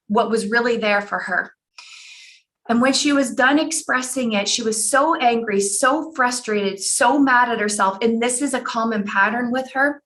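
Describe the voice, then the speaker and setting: A woman's voice: on the high side, a bit bright. A woman in her forties, a life coach telling a personal story in an earnest way and repeating phrases for emphasis, over a computer mic on an online call.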